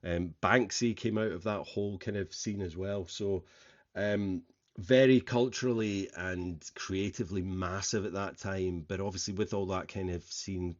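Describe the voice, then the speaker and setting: A man's voice: low voice, fairly even intonation, normal speed. A middle-aged man hosting a podcast, opening it with a casual, rambling solo talk full of fillers and restarts. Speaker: podcast host. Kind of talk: casual solo intro monologue. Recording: slightly dull lo-fi sound.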